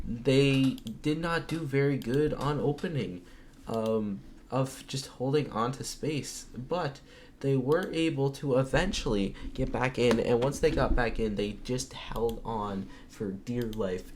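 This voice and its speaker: A man casting an esports match alone from home, calling plays and then talking more quietly so as not to wake others. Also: medium pitch, background noise. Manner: rapid excited calls, then quieter. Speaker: esports caster. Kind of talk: solo play-by-play commentary.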